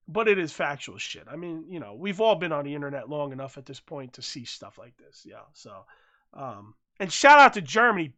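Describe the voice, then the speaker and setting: American podcast host, bright voice, cussing, goes from mumbly to loud rants. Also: medium pitch. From United States. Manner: profane, ranting, swings from mumbling to loud. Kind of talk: casual podcast commentary.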